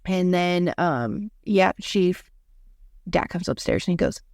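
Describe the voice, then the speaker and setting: A woman's voice: fairly low pitch, lively intonation, takes it slowly, darkish tone, no room sound, clean studio sound. A young adult woman, a podcast co-host, telling a story in casual chat and filling it with lots of "like". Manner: rambling, heavy use of "like" fillers.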